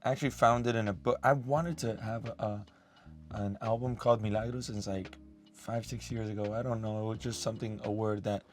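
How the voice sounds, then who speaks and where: A man's voice: lowish voice, brisk. Guy, laid back and thoughtful, says like a lot, faint music under it. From Colombia. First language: Spanish. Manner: relaxed, many "like" fillers, reflective. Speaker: musician guest. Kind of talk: casual interview chat. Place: studio.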